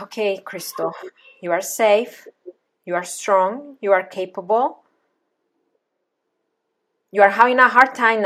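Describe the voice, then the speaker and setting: A woman coach role-playing a tired mother who calms herself and then gently soothes her little son at night. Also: medium pitch. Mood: weary. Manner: soft, soothing, self-calming.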